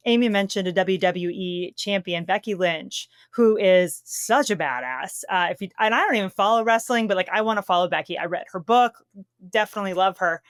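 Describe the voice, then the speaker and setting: Animated woman broadcaster, emotional. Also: mid-range voice, fairly quick, smooth, no echo, studio quality. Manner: animated, emotional, laughs easily, retells stories. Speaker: sports broadcaster, guest. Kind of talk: conversational interview.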